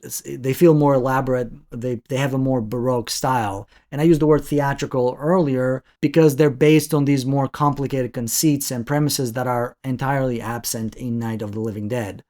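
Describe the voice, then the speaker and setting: Male film reviewer, middle pitch, thoughtful analytical delivery with restarts. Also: a little mellow. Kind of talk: video essay commentary.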